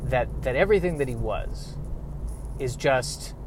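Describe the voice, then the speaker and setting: A grieving man talking through a reflective personal monologue, halting and rambling, with self-deprecating asides. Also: medium pitch, expressive, noisy background.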